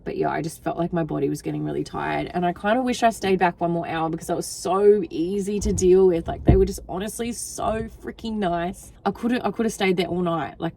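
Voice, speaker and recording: A woman's voice: on the low side, vocal fry, darkish tone. A tired young woman vlogging casually in her parked car at night, chatty and rambling, talking into her phone. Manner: chatty, rambling, many fillers. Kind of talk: casual chat. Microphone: phone camera.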